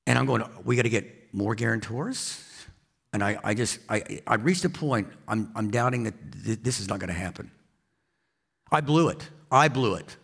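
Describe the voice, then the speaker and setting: Pastor guy preaching, gravelly husky voice, keeps restarting his sentences. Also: on the low side, expressive, moderate pace, a bit bright. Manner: personal storytelling, repeats and restarts. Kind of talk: sermon.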